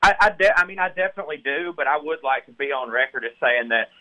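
A man's voice: a little high, expressive, fast, pushed and bright. A man with a Southern US accent, a guest author talking earnestly, laughing easily. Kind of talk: casual chat. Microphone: phone line. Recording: tinny phone line.

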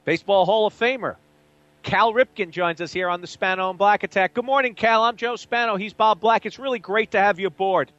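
A man's voice: high-pitched, fairly quick, fairly bright tone, no room sound, lo-fi sound. A man hosting a sports radio talk show, conversational as he leads into questions. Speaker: radio host.

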